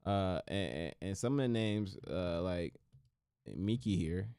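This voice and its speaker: A low-pitched male podcast host talking in an easygoing, slangy way and repeating phrases for punch. His voice sits close to the microphone in a dry, unechoing space. He comes across as animated and joking. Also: unhurried, clear, resonant tone, no room sound. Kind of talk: casual commentary.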